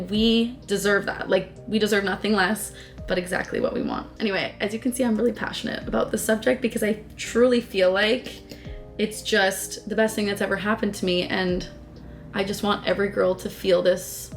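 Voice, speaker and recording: A woman's voice: medium pitch, gravelly. A young woman vlogger chatting casually to her viewers, gushing and filling her talk with "like". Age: young adult. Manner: gushing, chatty, says "like" constantly. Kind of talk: casual chat to camera. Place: home, then in a car.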